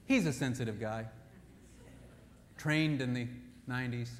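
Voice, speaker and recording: A man preaching a sermon, telling humorous, animated stories to make his points. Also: mid-range voice, measured pace, big-room sound, slight background noise.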